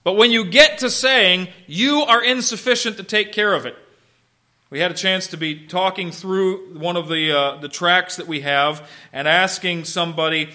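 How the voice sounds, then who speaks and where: At a moderate pace, a man preaches with a high, bright voice, keeping his sermon animated and conversational. Often asking questions and then answering them, the pastor shifts from forceful emphasis down to quiet, hushed asides.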